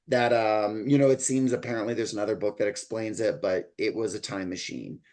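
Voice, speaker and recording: A man's voice: fairly low pitch, fairly quick, a little mellow. A man co-hosting a podcast, talking through a book in a loose, rambling way with lots of fillers. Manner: rambling, loose delivery full of likes and ums. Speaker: podcast co-host. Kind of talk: casual book-discussion chat.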